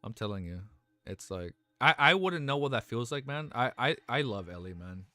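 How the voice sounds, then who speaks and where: A young man streaming live who chats casually with viewers. He is excitable, peppers his talk with "bro" and "man", and turns earnest and consoling when things get serious. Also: medium pitch, moderate pace, no room sound, clean studio sound. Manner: excitable, talks to chat with constant "bro" and "man". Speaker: livestreamer.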